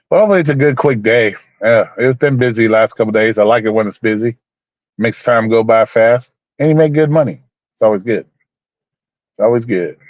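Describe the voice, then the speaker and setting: A man's voice: medium pitch, darkish tone, dry recording. A man hosting a casual livestream, rambling, repeating himself and talking to viewers by name, blunt and swearing now and then. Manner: blunt, swears, mock-preachy. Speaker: livestream host. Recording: dull, dry lo-fi sound.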